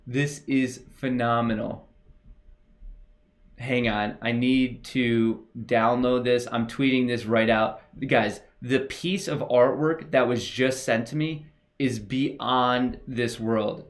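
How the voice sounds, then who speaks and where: Excitable young man hosting a livestream. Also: mid-range voice, slow pace. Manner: excitable, gushing, talks to chat directly. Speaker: livestream host. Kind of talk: casual livestream chat.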